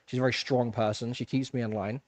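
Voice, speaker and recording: A man's voice: mid-range voice, fast, dry recording. A man, hosting a casual livestream and telling a story with lots of laughs and fillers. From England. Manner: animated storyteller, laughs often, chatty with fillers. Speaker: livestream host. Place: home fish room.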